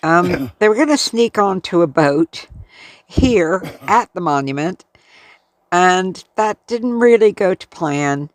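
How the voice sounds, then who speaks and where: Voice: medium pitch, expressive, takes it slowly, no room sound. An American travel vlogger narrating a casual tour in a chatty, friendly storytelling way. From United States.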